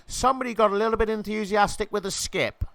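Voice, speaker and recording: A man doing jokey football-style commentary over a video game match, rising to shouts at near misses and goals. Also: high voice, fast, no echo.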